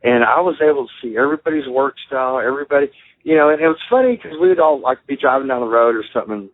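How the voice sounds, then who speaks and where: A man's voice: mid-range voice, very fast, a little hiss or hum. A man telling wrestling stories in casual chat on a radio call-in show, rambling and laughing as he goes. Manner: animated, laughing, rambling with fillers. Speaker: wrestling guest. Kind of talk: casual storytelling. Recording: phone-line call-in audio.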